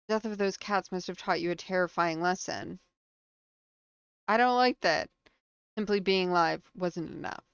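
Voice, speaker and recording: A woman streamer commenting live on a game, reading on-screen text aloud between quick reactions. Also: on the low side, smooth, no echo, lo-fi sound.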